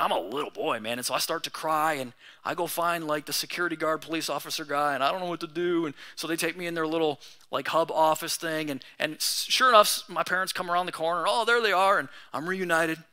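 Bright-voiced, casual young man preaching. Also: a little high, fast talker. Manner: casual, conversational preaching with slang. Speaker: pastor. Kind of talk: sermon.

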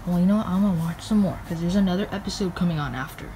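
A woman's voice: fairly low pitch, very fast, warm tone, a little hiss or hum, close to an everyday voice. A woman voicing a laid-back, dismissive plush toy dad in a homemade skit.

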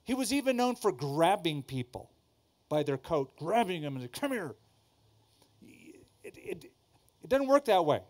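A pastor preaching to a congregation, emphatic, repeating key lines and asking the audience questions. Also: male voice, fairly high pitch, very animated, measured pace. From Southern California. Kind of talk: sermon. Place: church before a congregation.

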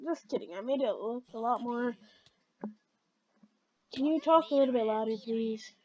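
A woman giving chatty, excitable commentary while playing a game, talking back to it as she goes. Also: fairly high pitch, moderate pace. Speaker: let's play gamer.

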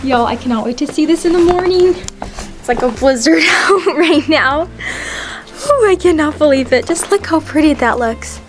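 Bubbly high-voiced woman vlogging. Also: animated, normal speed, faint music behind. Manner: bubbly, exclamatory, laughs often. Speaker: homestead vlogger. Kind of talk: casual vlog narration. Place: outdoors in deep snow on a homestead. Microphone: handheld camera.

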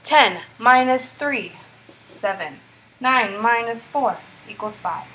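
In a screen-recorded math tutorial, a young woman who teaches third-grade math talks through problems step by step, upbeat and encouraging. Her fairly high voice is animated, pushed and bright, and she speaks at a slow pace. There is slight background noise.

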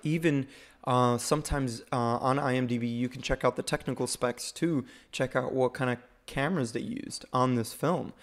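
A man hosting a casual livestream about new home-video releases, rambling and halting with many fillers. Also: medium pitch, fairly even intonation. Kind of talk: casual live-stream commentary.

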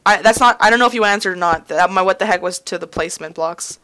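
A woman's voice: on the low side, fast talker, hardly any pauses, bright, forceful tone. A young woman in her college years chatting and rambling to herself while hosting casual gameplay commentary. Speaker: gaming video host.

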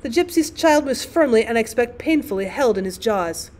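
A woman teacher reading a classic short story aloud as an audiobook, with expressive, dramatic storytelling. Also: a little high, a little fast.

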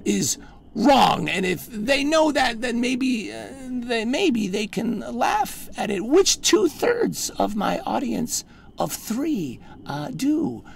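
In a live solo storytelling show, a man speaks haltingly, restarting often and slipping into hushed murmurs. His voice is very high-pitched and creaky, swinging widely in pitch, with a faint hiss or hum in the background.

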